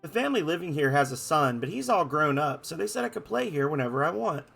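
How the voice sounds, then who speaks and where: Man, gravelly tone, game playthrough host, reads the characters in shifting playful voices, faint music underneath. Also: a little high, big pitch swings, quick pace, fairly bright tone. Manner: reads lines in varied playful voices, self-mocking asides. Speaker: gameplay host reading game dialogue aloud.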